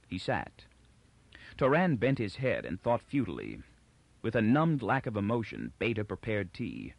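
A man narrating a novel in a measured, expressive voice with lots of pitch movement and a close, dry sound. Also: vocal fry, dry recording. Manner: measured storytelling. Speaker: audiobook narrator. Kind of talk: scripted narration.

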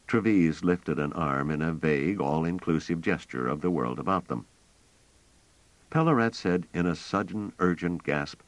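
A man narrating a novel in a measured, expressive reading style, recorded close to the mic. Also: sits low, dry recording. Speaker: audiobook narrator. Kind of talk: scripted narration.

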